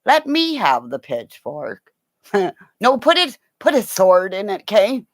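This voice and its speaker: A middle-aged woman hosting a rambling, casual livestream chat, excitable, gasping and dropping into whispers. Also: medium pitch, takes it slowly. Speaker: livestream host.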